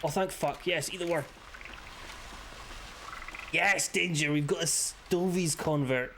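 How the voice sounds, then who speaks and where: A man's voice: fairly high pitch, slow pace, background noise. A man streaming a game, swearing freely and joking back and forth with his chat. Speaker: livestreamer. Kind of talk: casual gaming stream chat.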